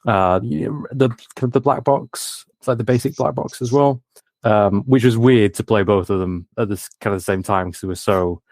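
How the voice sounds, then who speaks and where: A man with a very low voice answers interview questions about his work. He talks modestly and hesitantly, hunting for words, and the recording sounds dry and close. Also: normal speed, darkish tone, no room sound. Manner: hesitant, lots of fillers and restarts, modest. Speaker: guest, game designer.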